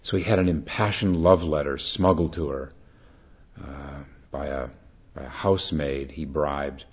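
Deep husky guy giving a slow calm dharma talk, dull lo-fi recording. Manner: calm, unhurried, reflective. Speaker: meditation teacher.

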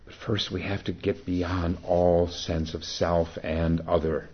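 A man giving a dharma talk as a meditation teacher, telling a story and reflecting in a calm, unhurried way. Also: deep voice, husky. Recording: dull lo-fi recording.

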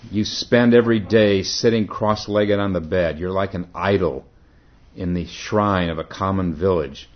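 A man's voice: deep voice, level tone, a little slow, muffled recording. A man voicing a blunt older male Zen monk who scolds his younger companion. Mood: scolding. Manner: shouting, scolding.

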